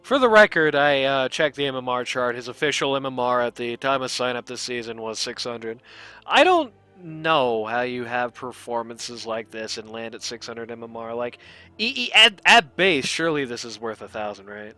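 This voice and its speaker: A man's voice: mid-range voice, animated, normal speed, sharp tone, smooth, soft background music. A man hosting a stream, talking playfully through a casual post-game chat and reading stats aloud. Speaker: stream host.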